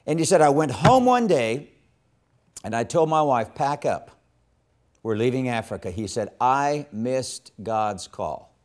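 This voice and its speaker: An impassioned man teaching a class on evangelism and preaching as he tells a story. His voice rises to loud emphatic peaks and sinks to hushed, slow passages. He speaks at an ordinary middle pitch for a man. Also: lively intonation.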